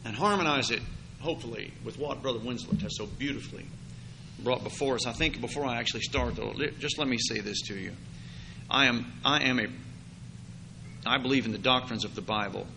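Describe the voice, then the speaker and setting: A man preaching a sermon to a congregation in church, his throat sore and scratchy, rising from quiet talk to loud emphatic preaching. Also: mid-range voice, fairly quick, gravelly.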